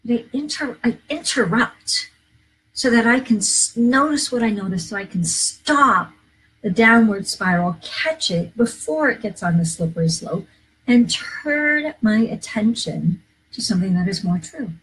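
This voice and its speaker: A woman's voice: a little high, animated, unhurried, a bit bright, slightly rough, rough recording. A woman minister hosting a live inspirational talk, earnest and coaching, repeating key phrases to her viewers. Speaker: minister and live show host.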